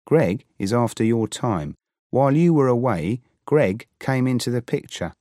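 A man's voice: mid-range voice, animated, unhurried, dark tone, no room sound, studio quality, natural voice. A man reading the part of a polite, settled young newlywed man in a mild, courteous, matter-of-fact way.

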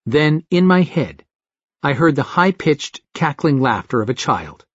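A man narrating a first-person story in an expressive, wry way, with a husky voice. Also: fairly high pitch, unhurried, no echo. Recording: dull dry lo-fi recording.

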